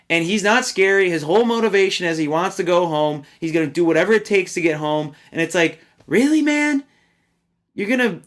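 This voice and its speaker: A man's voice: fairly high pitch, fairly bright tone. Rambling man reviewing a film. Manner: rambling, exasperated, swears when worked up. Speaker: movie reviewer. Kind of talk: casual spoken film review.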